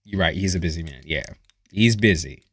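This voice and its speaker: A man with a very low voice talks casually to his live-stream viewers as a tarot reader. He swears freely and reads their comments aloud. The sound is dry and close, and keyboard typing is heard behind him. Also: a little fast, fairly bright tone, slightly rough, no room sound.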